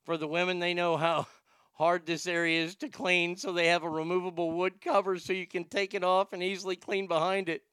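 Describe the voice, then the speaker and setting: A man's voice: high voice, level tone, brisk, a bit bright, clear, resonant tone, dry recording, clean studio sound. A man hosting a comedy show, ranting crudely with sarcasm and rambling restarts.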